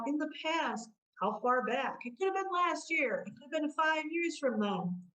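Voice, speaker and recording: Slow, deliberate woman coach. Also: a little high, distant mic, low-quality recording. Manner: deliberate, explanatory, asks rhetorical questions. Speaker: coach who works with clients. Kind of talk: motivational self-help talk.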